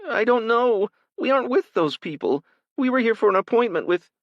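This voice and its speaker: A man voicing a terrified young woman college student, pleading in a high, frantic voice in an audiobook. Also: expressive, normal speed, no echo, lo-fi sound.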